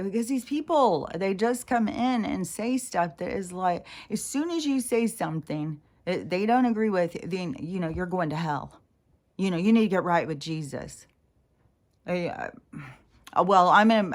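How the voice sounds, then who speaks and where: A woman vlogger telling a casual story in a chatty, rambling way, often laughing and swearing, and mimicking the people she talks about. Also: fairly low pitch.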